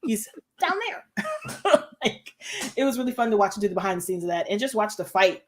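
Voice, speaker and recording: Woman, casual fan discussion, animated, repeats phrases, laughs a lot. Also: mid-range voice, very fast, slight background noise. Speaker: show discussion co-host.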